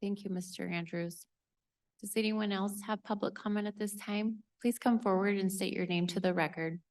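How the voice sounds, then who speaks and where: A woman's voice: medium pitch, fairly even intonation, moderate pace. Female board chair, formal procedural lines at a public meeting. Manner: brief formal procedural phrasing.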